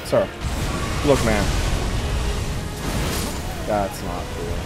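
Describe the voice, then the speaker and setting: A young man swearing and commentating his gameplay in exasperation, yelling in panic at a boss. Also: fairly low pitch, drawn-out words. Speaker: gaming streamer. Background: game music.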